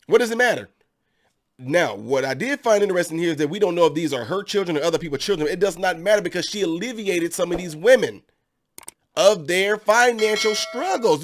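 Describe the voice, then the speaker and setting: Male host, higher voice than most men, sarcastic emphatic commentary, keeps hammering rhetorical questions.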